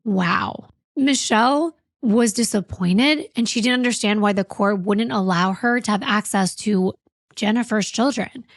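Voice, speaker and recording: A woman narrating a true crime podcast in an expressive, indignant way. Her voice sits at an ordinary pitch and is recorded close and dry, with no room sound around it. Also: a little slow, dry recording. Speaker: podcast co-host.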